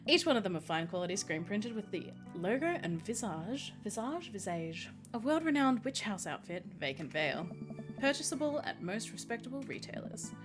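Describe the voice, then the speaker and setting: A woman's voice: medium pitch, very animated, moderate pace, close to an everyday voice. A woman voicing a young man who sells band shirts from his car, in a sudden put-on accent with salesman patter, over game music. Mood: salesy. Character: young male hustler selling band shirts.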